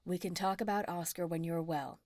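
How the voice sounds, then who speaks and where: A woman voicing a kind, motherly witch who speaks in a soothing, hushed way. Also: on the low side, brisk, no echo, clean studio sound, natural voice. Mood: comforting.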